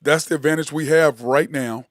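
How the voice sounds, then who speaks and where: A man's voice: on the high side, steady tone, normal speed, dry recording, studio quality. A man hosting a solo sports talk show, rambling and sarcastic, full of fillers and restarts.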